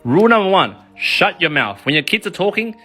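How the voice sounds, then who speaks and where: A man, giving an energetic, emphatic motivational talk about parenting. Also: high-pitched, brisk, soft background music. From Australia. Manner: energetic, emphatic, animated storytelling. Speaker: parenting and kids' finance author.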